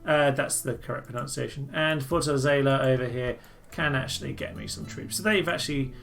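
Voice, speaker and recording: A man's voice: medium pitch, a little fast, creaky, a bit bright. A man giving enthusiastic, jokey and rambling commentary as he plays a strategy game. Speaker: let's-play host. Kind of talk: gameplay commentary.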